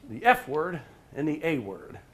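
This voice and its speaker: A middle-aged man spinning a workplace story for a live crowd, his voice pitched slightly high. He jumps between big, loud moments and low, confiding asides, and keeps pulling listeners in with questions by name. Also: wildly swooping pitch, a little slow. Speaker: professional motivational speaker. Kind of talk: storytelling talk to a live group.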